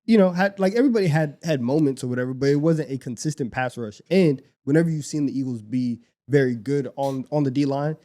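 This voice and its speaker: A young man co-hosting a casual sports podcast, talking in an animated way and often repeating and restarting his phrases. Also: mid-range voice, fast, few pauses. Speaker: podcast co-host.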